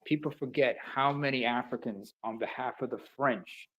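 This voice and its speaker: A soft-spoken man chatting on a stream, halting and emotional. He starts and stops and searches for his words as he goes. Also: medium pitch, lo-fi sound. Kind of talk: casual chat.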